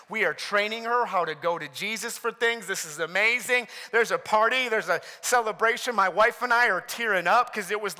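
A man in his thirties preaching a sermon in a church, telling a family story with animated, self-deprecating humor. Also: sits high, in a large hall. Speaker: pastor.

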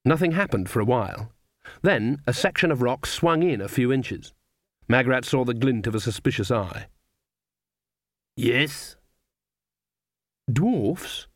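A man narrating a comic fantasy novel in a dry, measured storytelling manner. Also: medium pitch, expressive, no echo. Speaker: audiobook narrator. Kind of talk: scripted narration.

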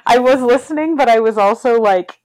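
A woman's voice: on the high side, a little fast, a crowd in the background. A woman casually talking through a movie's scenes, laughing often and acting out the lines. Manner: chatty, laughs often, retells scenes with quoted voices. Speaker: podcast co-host.

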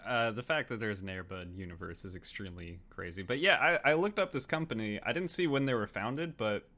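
A man co-hosting a casual movie podcast, sarcastic and quick to laugh. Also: on the low side, sharp tone. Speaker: podcast co-host. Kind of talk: casual chat.

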